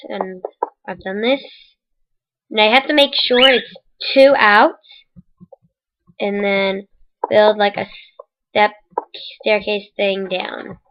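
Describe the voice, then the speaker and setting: A woman's voice: medium pitch, fairly even intonation, slow, pauses often. A woman casually narrating a game building tutorial in voice-over, rambling and correcting herself as she goes, with the hiccups. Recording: dull lo-fi mic.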